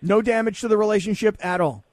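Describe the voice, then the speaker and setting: A middle-aged male radio host with a fairly high voice talks in a dry, wry, self-deprecating way. He sounds close to the mic in a dead studio. It is easygoing banter. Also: quick pace, darkish tone, dry recording. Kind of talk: casual sports radio banter.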